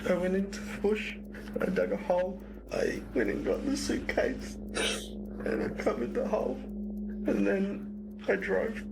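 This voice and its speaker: A man's voice: sits high, creaky, noisy background. A man in a recorded police interview, speaking hesitantly with many ums and restarts. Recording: archive interview audio with music under it.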